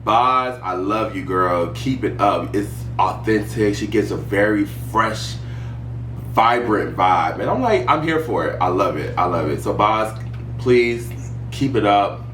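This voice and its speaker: Sassy, animated man in a roomy echo. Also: lowish voice, unhurried. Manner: sassy, animated, emphatic repetition. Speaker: podcast host. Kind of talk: casual reality TV commentary. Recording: roomy echo, distant mic, faint hum.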